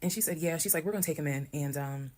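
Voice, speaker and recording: A woman from Georgia, telling a personal story to camera in a lively way and acting out the voices of the people in it. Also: low-pitched, fast talker. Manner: animated, acts out quoted voices. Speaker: storyteller in a TikTok clip. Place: played clip heard on a stream.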